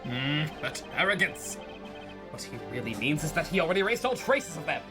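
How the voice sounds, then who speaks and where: A woman's voice: low voice, very animated, brisk, over music. A woman streaming a video game, chatting casually, swearing, giggling and mocking her own character voices. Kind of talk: casual let's-play commentary.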